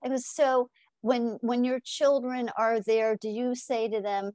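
An animated middle-aged woman with a fairly high voice, speaking as a guest on a podcast interview. She tells her stories with energy, acts out the dialogue herself and tags her points with a quick "right?". The recording is dry and close, with no room sound. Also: no echo. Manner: animated storyteller acting out dialogue, frequent "right?". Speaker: hypnotist guest.

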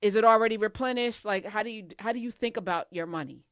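A woman's voice: medium pitch, quick pace, a bit bright, clear, resonant tone, no room sound. Enthusiastic woman host, dry sound. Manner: enthusiastic, emphatic. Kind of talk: casual interview.

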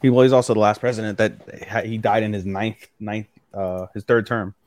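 On an anime podcast, a male co-host with a lowish, darkish voice and flat delivery recaps episodes at a fairly quick pace. His chat is casual, rambling and profane, and he acts out characters' lines in the middle of recapping.

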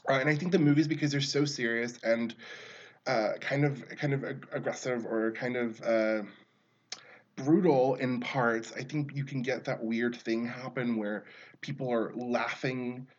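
A man's voice: medium pitch, steady tone, a little slow, dull audio. Rambling man reviewing films. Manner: rambling, self-interrupting, laughs mid-sentence. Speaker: film reviewer. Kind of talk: casual film review monologue.

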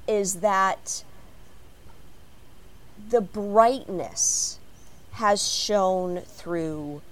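A woman from Chicago with an American accent, telling animated stories as a fan on a panel before a live audience. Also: mid-range voice. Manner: expressive, animated storytelling.

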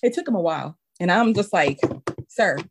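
A woman in casual conversation, recounting an anecdote and acting out the people in it with high, squealing voices. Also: normal speed, a little hiss or hum. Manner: animated, acts out quotes in high squeals. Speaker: guest; childcare teacher. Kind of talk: casual storytelling chat.

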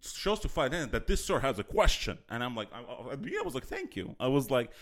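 A man from Azerbaijan chats on a podcast. He tells stories with a lively, swooping pitch and laughs often between the words. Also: quick pace. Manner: laughs often, animated storytelling. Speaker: comedian guest. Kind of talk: casual podcast chat.

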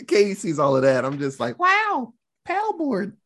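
Husky, animated podcast host. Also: medium pitch, quick pace. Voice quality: profane, animated storytelling. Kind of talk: casual movie review chat.

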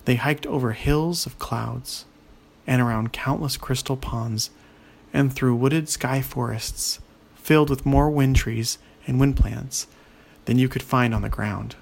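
Gravelly male children's storyteller. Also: mid-range voice, a little slow.

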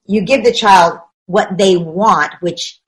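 A woman's voice: on the low side, takes it slowly, rough recording. A woman speaking as a parenting expert in a conversational interview, explaining ideas emphatically and often acting out what parents and children say.

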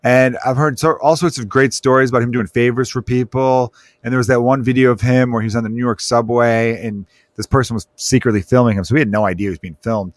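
A man's voice: medium pitch, steady tone, quick pace, hardly any pauses, no echo. Male podcast host, casual and joking, dry studio sound. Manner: rambling, joking, fond of asides.

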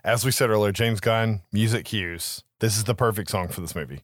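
Lower-voiced man recapping a film. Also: brisk, dry recording. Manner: animated, profane storytelling. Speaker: podcast co-host. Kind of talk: casual podcast film recap.

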